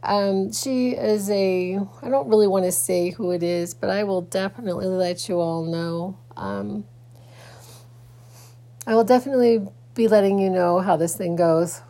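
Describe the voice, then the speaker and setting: A woman's voice: mid-range voice, measured pace, warm tone. A woman podcaster talking in a casual personal vlog, rambling with many restarts and fillers, sleepy and yawning early in the morning.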